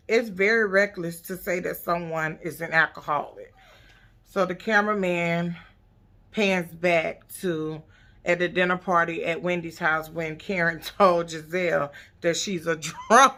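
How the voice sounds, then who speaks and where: A woman's voice: fairly low pitch, vocal fry. Sassy, profane woman recapping TV. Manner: profane, sassy, animated storytelling. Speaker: YouTube recap host. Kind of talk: casual reality TV recap.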